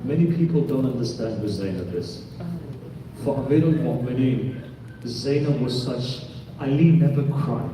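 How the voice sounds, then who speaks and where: Earnest preacher in an echoey hall. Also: male voice, mid-range voice, moderate pace. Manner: earnest, addresses the congregation directly with questions. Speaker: Shia cleric giving a mourning sermon. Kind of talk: sermon with storytelling narration. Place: large hall with a congregation. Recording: echoey hall, distant mic, background noise.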